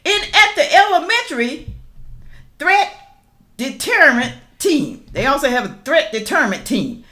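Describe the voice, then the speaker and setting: A middle-aged woman giving casual reaction commentary, reading news aloud and calling out to viewers as y'all, rising to loud emphatic questions. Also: high-pitched. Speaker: political commentary vlogger.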